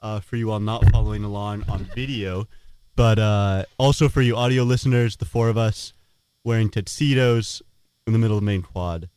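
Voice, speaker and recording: A man's voice: lowish voice, moderate pace, a little mellow, smooth, no room sound. A young man in his twenties from Oregon, a student co-host, speaking in a dry, matter-of-fact way outdoors. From Portland, Oregon. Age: 20s. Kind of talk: casual chat. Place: outdoors on a university quad.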